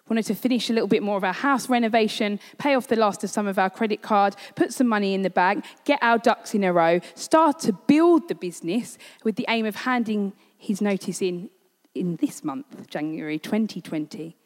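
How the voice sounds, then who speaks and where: A woman's voice: mid-range voice, expressive, normal speed. A woman giving a sermon, telling a personal story in an earnest way. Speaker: preacher. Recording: long hall reverb.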